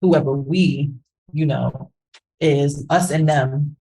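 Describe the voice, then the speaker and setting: A woman co-hosting a podcast, giving animated, conversational commentary and often checking in with "right?". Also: low voice, slow, rough recording. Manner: animated, keeps asking "right?". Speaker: podcast co-host, branding professional.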